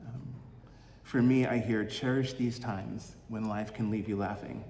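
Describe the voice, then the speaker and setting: A man giving a Sunday reflection as minister, gentle and halting, fond of corny puns. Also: fairly low pitch, fairly even intonation, a little hiss or hum. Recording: roomy echo with long hall reverb, faint ambience.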